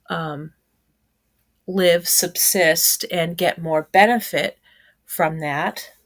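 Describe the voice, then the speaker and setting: A woman's voice: fairly low pitch, fairly bright tone, no room sound. A woman giving reaction commentary on a YouTube channel, blunt and indignant, swearing freely.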